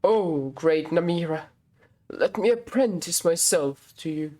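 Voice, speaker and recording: A woman's voice: fairly low pitch, a little slow, warm tone, lightly acted. A woman voicing an eager, ambitious armored adventurer who exclaims and pleads, as part of a storybook reading. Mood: eager exclaiming.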